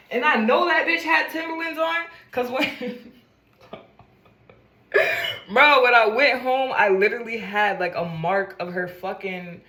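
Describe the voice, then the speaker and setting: A woman vlogger telling a story in a casual, animated, profane, streetwise way. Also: sits high, a little hiss or hum, rough recording.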